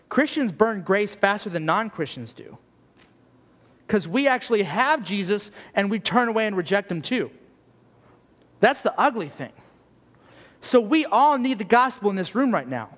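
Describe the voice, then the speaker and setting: Blunt high-voiced youth pastor preaching. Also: male voice, animated, moderate pace. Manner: blunt, earnest and conversational, with many "like"s. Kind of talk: sermon. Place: church youth gathering hall. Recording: long hall reverb.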